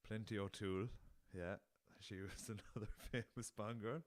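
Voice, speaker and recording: A man's voice: on the low side, fairly even intonation, normal speed, dry recording. A young Irish man hosting a solo podcast in a casual, rambling way, laughing at his own jokes and swearing freely. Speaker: podcast host.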